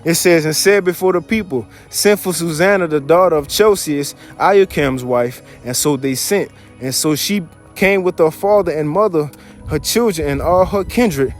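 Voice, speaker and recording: High-pitched male bible teacher, slangy and animated, reads verses and riffs on them. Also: normal speed, soft background music. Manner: reads verses aloud, then paraphrases in loose slang; animated, chuckles often. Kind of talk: casual scripture teaching.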